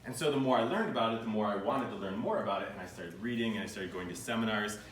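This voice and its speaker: A man's voice: fairly low pitch, fast talker. An American man in his thirties giving a humorous live keynote talk, telling stories with jokes and playful asides. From United States. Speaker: keynote speaker. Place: conference room. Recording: roomy and distant with faint noise.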